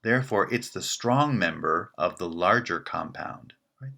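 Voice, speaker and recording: A man giving a recorded linguistics lecture, explaining in a measured way and often checking in with "right?". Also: low-pitched, animated, creaky, pushed and bright.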